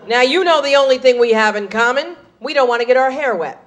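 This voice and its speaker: A woman's voice: high-pitched, animated, fairly quick. A woman doing a stand-up comedy set, telling punchy stories on a club stage and slipping into character voices.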